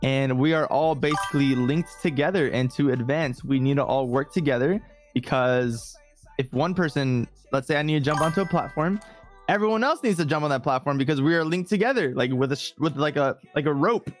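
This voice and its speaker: A man's voice: a little high, fairly quick, music in the background. Young man rambling with lots of "like". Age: young adult. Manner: rambling, many fillers like "like". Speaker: co-player. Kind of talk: casual gaming stream chat.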